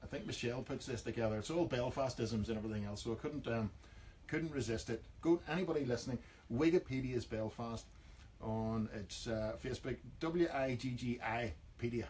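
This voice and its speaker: A man's voice: medium pitch, a little fast, a little mellow, a little hiss or hum. A man with a Northern Irish accent hosting a comic radio chat, acting out everyday phrases in jokey voices. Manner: jokey, acts out overheard phrases. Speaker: radio host.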